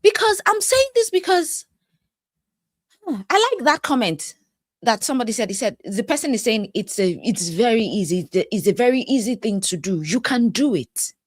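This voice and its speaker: A woman, a life coach giving reaction commentary on a viral video, animated, laughing often and acting out the people she quotes. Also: a little high, no room sound, clean studio sound.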